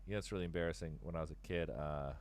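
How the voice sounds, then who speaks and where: A man in his forties hosts a live stream, chatting casually with callers in a very deep, darkish voice at a racing pace. He rambles, restarts sentences, and swears freely. There's a little hiss or hum.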